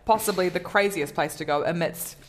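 Chatty woman comedian, low voice. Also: fairly quick, a little hiss or hum. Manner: chatty, self-deprecating, many fillers and restarts. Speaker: comedian guest. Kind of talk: casual interview chat.

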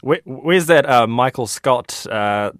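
Chuckling New business reporter. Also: male voice, medium pitch, lively intonation, slow pace, a bit bright, no room sound. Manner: laughs often, fills with "uh" and "look". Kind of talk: radio business report with banter.

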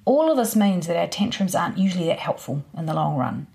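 A woman speaking as a parenting expert, explaining in a relaxed, practical, conversational way. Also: on the low side, fast talker, creaky. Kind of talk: explanatory interview talk.

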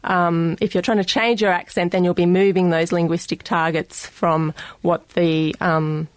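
Australian woman explaining, lowish dry voice. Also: flat delivery, unhurried, dry recording. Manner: careful explaining with frequent ums. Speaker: guest speech scientist. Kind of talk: radio studio interview. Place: radio studio.

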